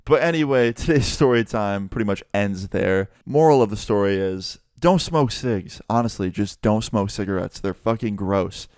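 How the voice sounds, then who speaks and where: A young man telling a casual, profane storytime vlog in an animated way. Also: lowish voice, normal speed, few pauses, clear, resonant tone, no echo, studio quality. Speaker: vlogger.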